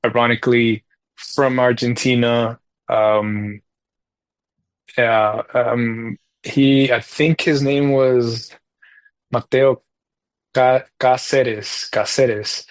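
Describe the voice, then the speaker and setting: A man's voice: mid-range voice, steady tone, very slow, long pauses, no echo. A man, a parent, chatting casually on a podcast, telling a long story with lots of fillers and slang. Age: adult parent. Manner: rambling, loose delivery full of fillers and slang. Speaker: podcast co-host talking soccer video games.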